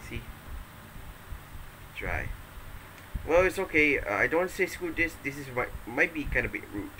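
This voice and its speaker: A man's voice: fairly high pitch, big pitch swings, unhurried, pushed and bright, a little hiss or hum, poor audio. A man vlogging from home, rambling playfully and hesitantly, often restarting his sentences. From Malaysia. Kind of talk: casual rambling vlog.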